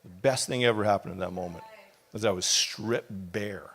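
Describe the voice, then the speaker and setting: A man's voice: fairly low pitch, moderate pace, creaky, a bit bright. A middle-aged man, a pastor, preaching a sermon with impassioned, conversational delivery and casual asides.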